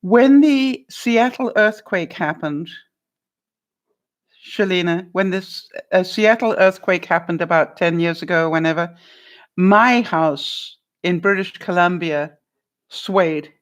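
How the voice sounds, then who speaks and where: A woman's voice: fairly low pitch, takes it slowly. An older woman vlogger chatting casually with viewers on a live stream from her home, laughing often and calling people by name. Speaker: vlogger answering live chat.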